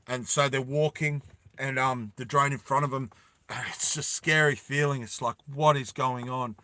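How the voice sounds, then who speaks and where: A man's voice: mid-range voice, steady tone, sharp tone, dry recording. A man telling a story casually to his viewers, with many fillers. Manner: slow, with fillers, addresses viewers.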